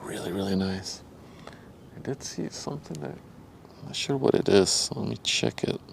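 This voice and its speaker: A young man with a Dutch accent hosts a casual livestream outdoors by a river, his voice lowish, creaky and moderately paced, with slight background noise. Relaxed and chatty, he laughs often, talks to viewers in chat by name, and sometimes speaks softly so he won't disturb people nearby.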